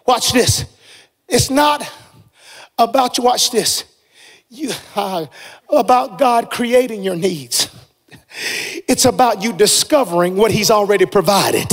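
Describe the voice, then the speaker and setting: A man preaching a sermon as pastor, with a shouting, half-sung cadence. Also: high voice, expressive, takes it slowly, long pauses. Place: church sanctuary. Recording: long reverb of a large hall.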